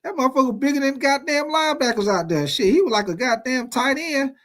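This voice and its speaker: A man's voice: extremely high pitch, animated, fast, fairly bright tone. A man hosting casual sports talk, emphatic and full of profanity.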